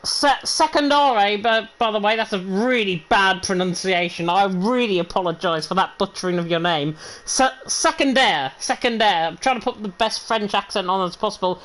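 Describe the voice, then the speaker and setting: A man giving rapid, excited play-by-play commentary on an online racing league. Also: sits high. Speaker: lead commentator.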